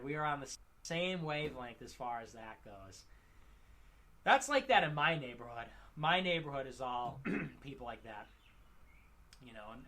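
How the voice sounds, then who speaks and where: A man rambling through a monologue, halting with fillers and restarts. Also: medium pitch, pushed and bright. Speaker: livestream commentator.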